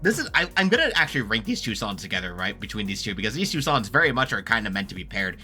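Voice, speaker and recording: A man's voice: fairly low pitch, very animated, fast, sharp tone, faint music behind. A young man giving rambling, casual commentary as he ranks songs, full of filler words and the odd swear. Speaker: YouTuber ranking songs.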